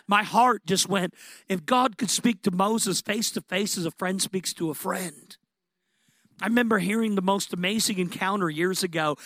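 High-voiced impassioned male preacher. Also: no echo. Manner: impassioned, building to excited peaks. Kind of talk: sermon.

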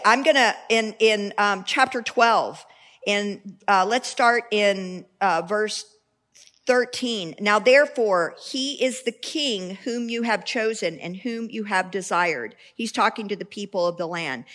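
A woman delivers a sermon, reading scripture aloud and breaking off into chatty asides and personal stories. Her voice sits a little high and comes across very bright and sharp. She talks in a loose, lively way, often restarting her sentences. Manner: conversational, animated storytelling with asides and restarts. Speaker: preacher.

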